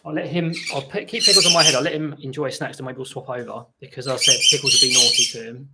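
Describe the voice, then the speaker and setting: A man's voice: medium pitch, steady tone, quick pace, heavy background noise. A man hosting a casual live stream at home, answering viewers' questions and breaking off to talk to his parrots. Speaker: parrot channel host. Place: home room with pet parrots. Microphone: laptop for live stream. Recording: parrot squawks and clicks in background.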